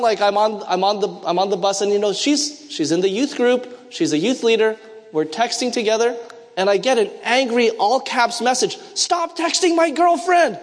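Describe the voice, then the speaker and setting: A high-pitched man preaches a sermon in a church, his voice carried on a long hall reverb. He mixes personal stories with questions that he throws out to the congregation to answer. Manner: storytelling with call-and-response questions.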